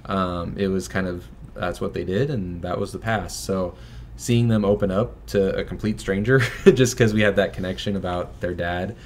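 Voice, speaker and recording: On a casual livestream raising funds, the host's son, a young filmmaker, chats in a relaxed, loose manner. His deep voice moves at a moderate pace, filled with fillers and small laughs, with a little hiss or hum behind it.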